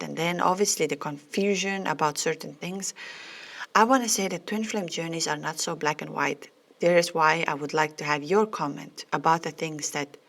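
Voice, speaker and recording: Low gravelly-voiced woman podcaster, earnest. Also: fairly bright tone. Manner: earnest, heartfelt, repeats phrases, non-native phrasing. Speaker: podcast host and twin flame coach. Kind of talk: spiritual podcast monologue.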